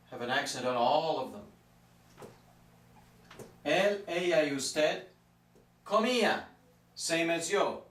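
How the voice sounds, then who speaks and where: Man, slightly high voice, patient grammar teacher, recorded from a distance in a roomy space. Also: a bit bright. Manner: patient, stretches out example words. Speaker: Spanish teacher. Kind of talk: explanatory lesson. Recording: echoey room from far off.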